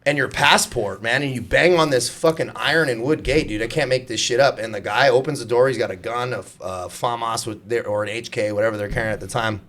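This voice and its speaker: A man in his thirties talking in a relaxed podcast chat, cursing freely and laughing through his stories. His voice sits at a mid pitch, and he tells his stories with animated energy. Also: a little fast, few pauses. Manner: profane, laughing, animated storytelling. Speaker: podcast guest, former Navy SEAL. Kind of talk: casual podcast conversation.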